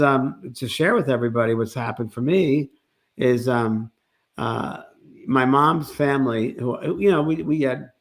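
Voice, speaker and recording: Earnest rambling man, medium-pitched. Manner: earnest, rambling with many restarts. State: sick. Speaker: co-host, medium. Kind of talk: casual spiritual talk show chat.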